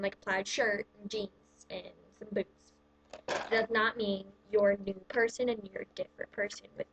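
A woman's voice: mid-range voice, poor audio. A teenage girl ranting casually in a vlog, chatty and sarcastic, acting out little quoted exchanges. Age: teens. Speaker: vlogger.

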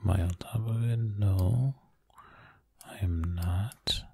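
A man's voice: sits low, slow, gravelly, mellow, husky. A man whispering ASMR commentary close to the microphone, fretfully muttering to himself as he plays. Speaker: ASMR creator.

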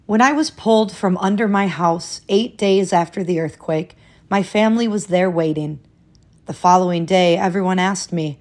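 A woman with a slightly low voice reads a children's picture book aloud. Her reading is expressive and gentle, and her voice rises brightly to mark each new part of the story. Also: moderate pace. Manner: expressive, lifting her voice at new days and exclamations.

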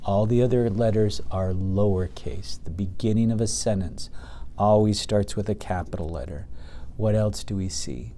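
A man's voice: lowish voice, steady tone, normal speed, mellow, a little hiss or hum. A man teaching a reading lesson to young children, patiently sounding out words and reading aloud from a picture book.

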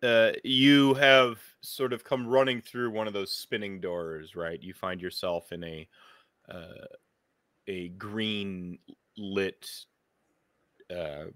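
A man's voice: on the low side, takes it slowly, fairly bright tone, no echo. A man narrating as game master, rambling with many fillers and restarts.

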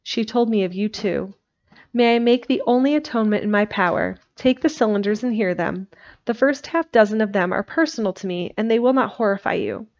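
Woman reading a solemn gentle Victorian doctor, measured, a little low, dull lo-fi sound. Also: lightly acted. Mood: earnest.

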